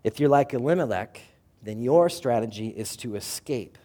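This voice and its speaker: A male pastor giving a sermon, retelling a scripture story dramatically and swinging between loud and hushed passages. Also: mid-range voice, expressive, normal speed.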